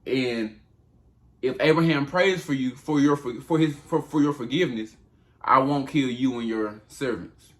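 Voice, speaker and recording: A man voicing God as a calm, matter-of-fact speaker using casual slang. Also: medium pitch, normal speed, close to an everyday voice. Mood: stern. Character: God, calm and stern male deity.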